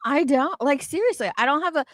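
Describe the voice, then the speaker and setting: A woman's voice: high voice, expressive, a little fast, dry recording, clean studio sound. An older woman from Central Illinois, chatting casually and poking fun at herself as co-host of a livestream. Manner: chatty and self-mocking.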